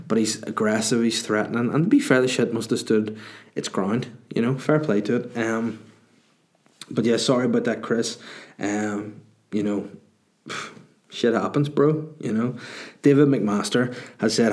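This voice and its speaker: A low-pitched man hosting a podcast in casual chat. He rambles through listener questions with crude, self-mocking humour, his pace loose and easy. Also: fairly quick, a little mellow. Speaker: podcast host and comedian.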